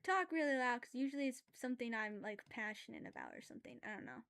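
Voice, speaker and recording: A woman's voice: a little high, quick pace, gravelly. A woman streaming while she draws, chatting casually with her viewers. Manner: loud, animated ranting, then quiet and apologetic; chatty and self-aware, with filler words and laughs. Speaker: drawing streamer. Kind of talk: casual livestream chat while drawing.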